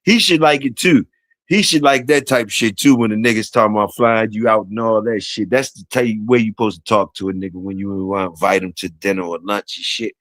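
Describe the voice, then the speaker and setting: A man's voice: on the low side, fairly even intonation, brisk, a bit bright, no room sound. A man hosting a casual livestream, talking in slangy, profane, repetitive banter to his chat and guests. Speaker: livestream host.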